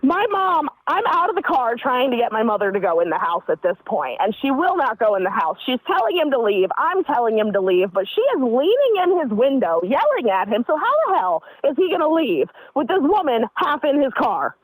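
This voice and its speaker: A woman's voice: sits high, a little fast, hardly any pauses, dry recording, poor audio. A woman calling into a comedy show, telling a story and acting out what others said. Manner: animated, acts out what others said. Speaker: caller. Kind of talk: casual storytelling.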